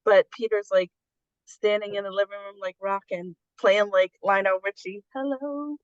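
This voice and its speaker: A woman's voice: mid-range voice, monotone, moderate pace, smooth, dry recording, highs cut off. A woman guest in a casual conversation, telling stories about her family and laughing easily.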